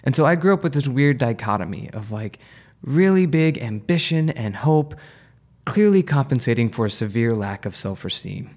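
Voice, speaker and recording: A man's voice: medium pitch, lively intonation, normal speed, darkish tone. Man telling a wry story. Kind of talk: live personal storytelling.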